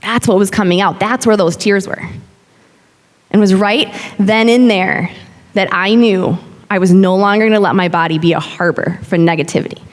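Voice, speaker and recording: A woman in her thirties shares her personal story with a live audience, candid and expressive as she speaks. Her voice sits at an ordinary middle pitch. It rings out with a long reverb in a large hall. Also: normal speed. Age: 30s. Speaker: yoga instructor.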